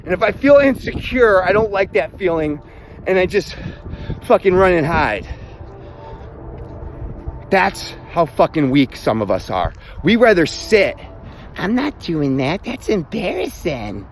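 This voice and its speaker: Casting: high-voiced man, blunt foul-mouthed self-help ranter, outdoors with faint traffic behind. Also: very animated, measured pace, long pauses. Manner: blunt, heavy swearing, emphatic. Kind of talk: profane motivational rant.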